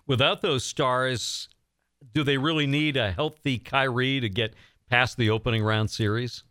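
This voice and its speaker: Bright-voiced male radio host. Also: mid-range voice, fairly even intonation, measured pace, dry recording, studio quality. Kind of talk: casual radio chat.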